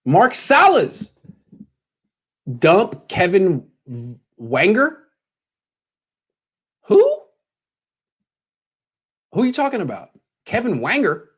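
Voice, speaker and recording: A young man talks through a live postgame stream in a sarcastic, self-deprecating way, reading out donations and arguing football. His voice sits a little high and swings widely, cracking when he gets worked up. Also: wildly swooping pitch, takes it slowly, long pauses, husky. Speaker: sports show host.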